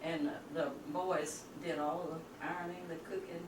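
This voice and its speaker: An older woman telling family memories slowly, pausing on fillers. Her voice sits a little low. It was caught on a home camcorder from across a roomy space with a clear hiss behind it. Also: little pitch movement. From rural Texas. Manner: unhurried storyteller, halting with fillers. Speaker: family member reminiscing. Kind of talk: casual family reminiscence. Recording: roomy, distant home-video sound with hiss.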